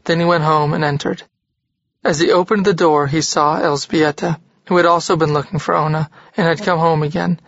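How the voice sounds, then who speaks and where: An audiobook narrator reading a literary novel in a steady, even manner. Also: mid-range voice, normal speed, dry recording, highs cut off.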